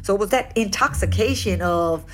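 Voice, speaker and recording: A woman's voice: medium pitch, normal speed, a little hiss or hum. A woman recalling old times in a chatty, reminiscing way as an interviewee. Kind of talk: casual recollection.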